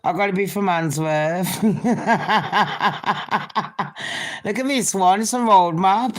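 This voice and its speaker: A woman's voice: mid-range voice, slow. A woman giving a sweary, mocking commentary vlog, laughing at her own jokes. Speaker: commentary vlogger.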